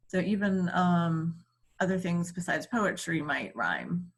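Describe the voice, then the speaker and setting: Slow, patient woman teacher. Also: fairly low pitch, sing-song. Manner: slow, patient explaining with frequent ums. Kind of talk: recorded online reading lesson.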